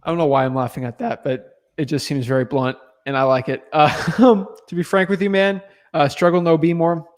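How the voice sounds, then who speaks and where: A man answering viewer questions in a relaxed, chatty livestream, talking loosely with lots of filler words. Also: a little high, normal speed. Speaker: real estate wholesaler answering viewer questions. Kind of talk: casual livestream chat.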